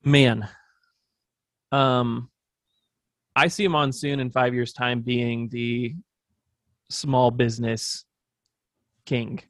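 A man's voice: medium pitch, steady tone, extremely slow, pauses often, no room sound, clean studio sound. A man guesting on an interview show, talking through business plans in a thoughtful, rambling way with lots of fillers. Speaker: agency owner, podcast guest. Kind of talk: casual interview talk.

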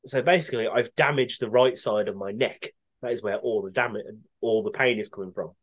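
A man's voice: fairly low pitch, a little fast, poor audio. A man co-hosting a podcast, chatting casually with dry, sweary self-mockery. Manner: dry, sweary, self-mocking about his injury. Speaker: podcast co-host. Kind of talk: casual chat.

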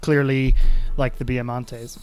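A man's voice: medium pitch, level tone, slow, a little mellow, soft background music. Hesitant male game master. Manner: hesitant, full of ums and restarts. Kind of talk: narrating a tabletop game.

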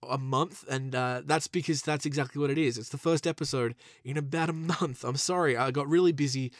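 A man's voice: medium pitch, fairly quick, dry recording, clean studio sound. A man with a nasal voice, coming down with a cold, hosting a casual podcast in a rambling, self-deprecating way with lots of fillers. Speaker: podcast host.

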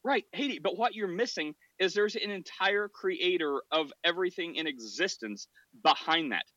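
A man hosts a podcast, pressing his point in animated, stammering bursts and laughing between sentences. His voice sits a bit high and rings bright and forceful. The recording is dry and slightly muffled. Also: moderate pace, no echo. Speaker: podcast host. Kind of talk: casual debate chat.

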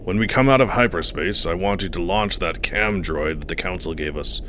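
A man's voice: deep voice, normal speed, a bit bright, a little hiss or hum. A man voicing a kind, joking male Jedi master who teases his apprentice in a wry way. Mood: teasing. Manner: wry, teasing.

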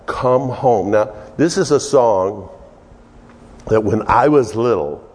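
Preacher telling an animated story. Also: male voice, on the low side, takes it slowly, husky. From Texas. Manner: animated storyteller, chuckling, acting out voices. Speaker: pastor. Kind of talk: storytelling sermon. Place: church sanctuary. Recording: reverberant church hall.

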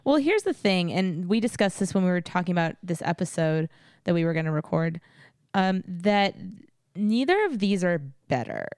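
A woman's voice: lowish voice, animated, moderate pace, a little mellow, smooth, no room sound, studio quality. A woman from Texas co-hosting a podcast in a chatty, giggly casual conversation. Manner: giggly, chatty, lots of fillers. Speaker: podcast co-host. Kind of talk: casual chat.

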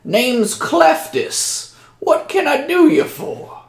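A man voicing a drawling, folksy swamp villager in overalls, talking slowly in a rural manner. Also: very high voice, sing-song, creaky, echoey room, voice pushed up, exaggerated voice.

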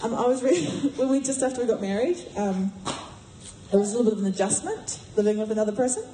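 A woman giving a sermon in a chatty, animated way, acting out voices as she retells a story. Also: on the high side, fast talker, a little hiss or hum. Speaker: preacher. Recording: echoey room.

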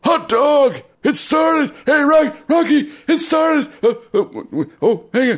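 A man voicing an excitable male hot dog vendor who shouts and stammers in a flustered rush. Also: very high voice, slow, voice pushed up, exaggerated voice. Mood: excited.

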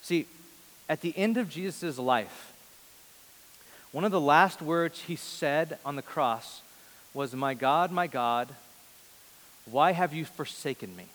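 A man in his thirties preaching a sermon before a large congregation, earnest, moving between loud emphasis and soft, hushed lines. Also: a little high, slow, pauses often. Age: 30s. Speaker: pastor. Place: large church hall before a big congregation. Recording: long reverb of a large hall.

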